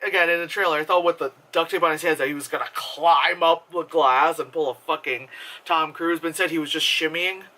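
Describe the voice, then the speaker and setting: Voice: mid-range voice, fairly even intonation, fairly quick, pushed and bright. A movie reviewer talking into a camera in a casual, rambling vlog review, swearing freely and laughing often. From United States.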